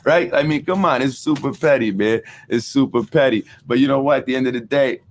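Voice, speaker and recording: New man hosting a podcast, mid-pitched, animated, repeats himself, faint noise behind. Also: brisk. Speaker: podcast host. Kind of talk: casual political talk.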